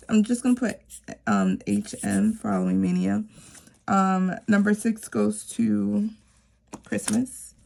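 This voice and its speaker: A woman's voice: medium pitch, lively intonation, slow pace, gravelly, darkish tone, a little hiss or hum. A woman chatting casually to camera about her savings challenges, rambling with lots of fillers. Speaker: savings vlogger; teacher.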